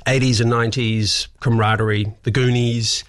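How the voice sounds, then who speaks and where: A man, chatting casually in an interview and telling animated anecdotes full of acted-out voices. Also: medium pitch, normal speed. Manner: animated storyteller, acts out voices, frequent restarts. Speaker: actor and show creator.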